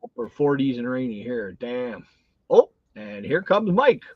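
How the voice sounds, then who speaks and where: A man's voice: mid-range voice, sing-song, unhurried, no room sound, highs cut off. A middle-aged man with a Canadian accent hosting a casual card-breaking live stream, blunt and grumbling. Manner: blunt, grumbles about the weather.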